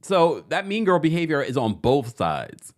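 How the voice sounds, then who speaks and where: A man hosting a livestream recap of a reality show, talking in a sassy, animated way and addressing the cast members directly. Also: fairly high pitch, a little slow. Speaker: podcast host.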